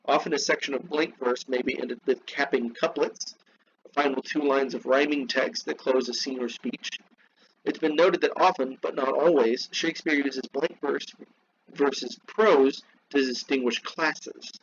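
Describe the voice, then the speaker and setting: Male teacher, classroom lecture, reads text then explains slowly, dull lo-fi recording, faint background hum. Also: medium pitch. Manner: slows down to spell out terms, asides to students.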